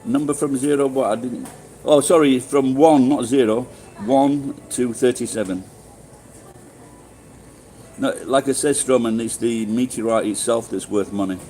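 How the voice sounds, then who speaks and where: A man's voice: mid-range voice, measured pace, warm tone, low-quality recording. A middle-aged man with a Sheffield accent, live-streaming and chatting casually with viewers in a rambling, swearing way with many restarts. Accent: Sheffield English. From England.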